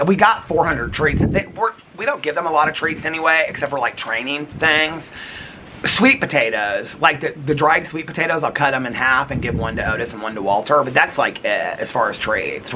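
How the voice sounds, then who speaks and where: A man's voice: mid-range voice, bright, forceful tone, slight background noise. A man vlogging in casual chat, telling stories and acting out conversations, recorded outdoors in the cold. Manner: chatty storytelling, acts out quoted conversations.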